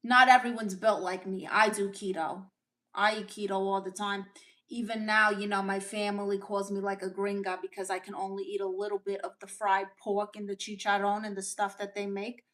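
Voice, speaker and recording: A woman's voice: mid-range voice, level tone, moderate pace, fairly bright tone, natural voice. A woman with a Brooklyn accent playing a brash, opinionated Latina aunt on a comedy livestream, answering chat with blunt, sassy retorts. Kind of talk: in-character livestream chat, reading viewer comments.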